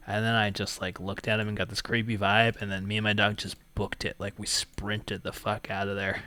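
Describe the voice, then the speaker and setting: A man with a bright, forceful, somewhat low voice hosts a casual call-in talk stream. He rambles through stories, trails off mid-sentence, and laughs often. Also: little pitch movement, fairly quick, few pauses. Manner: rambling, laughs often, mock phone-menu voice. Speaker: call-in show host. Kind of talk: casual storytelling chat.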